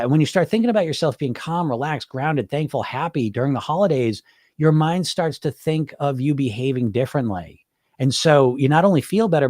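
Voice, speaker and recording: Middle-aged male hypnotherapist host, informal, swears, fairly high voice, close dry sound. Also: a little mellow, dry recording. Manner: informal and chatty, with frequent swearing and laughs. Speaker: hypnotherapist hosting a live session. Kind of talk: casual live-stream talk answering viewer comments.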